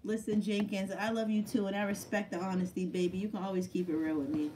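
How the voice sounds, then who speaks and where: A woman's voice: medium pitch, flat delivery, quick pace, recorded from a distance, noisy background. Brash swearing woman on a live Q&A. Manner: blunt, loud, laughing, swears freely. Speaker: battle rapper answering viewer questions. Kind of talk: casual live Q&A chat.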